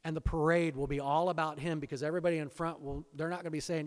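A man preaching a sermon, swinging between hushed, intense lines and loud, exultant emphasis. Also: on the high side, steady tone, quick pace, few pauses. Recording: long hall reverb.

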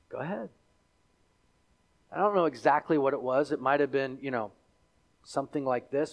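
Here a male preacher, speaking in a mid-range voice, animates his sermon by voicing the story's characters and even the crowd.

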